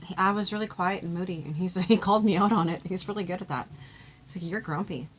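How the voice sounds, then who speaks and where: A woman giving an intuitive love card reading, talking in a gentle, heartfelt, chatty way and sharing her own story. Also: lowish voice, steady tone, fast, faint music behind, rough recording. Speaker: tarot card reader.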